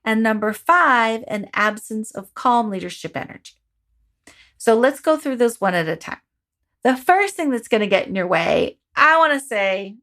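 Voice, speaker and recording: A woman hosting a parenting coaching podcast, talking in an expressive, encouraging, conversational way. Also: mid-range voice.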